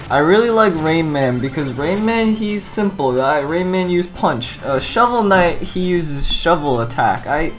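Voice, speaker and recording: A man giving rambling, deadpan comedic commentary over gameplay, halting often with fillers. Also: fairly high pitch. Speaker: gaming video narrator.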